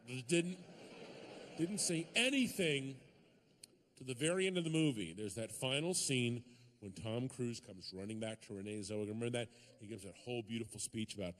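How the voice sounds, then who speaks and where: A man with a high, tenor voice performing stand-up comedy. His storytelling is animated, with sudden shouted punchlines. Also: normal speed. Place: comedy stage before a live audience.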